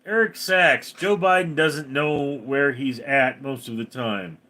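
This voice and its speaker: A young man hosting a casual livestream, joking and reacting quickly as he reads out chat messages. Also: mid-range voice, sharp tone.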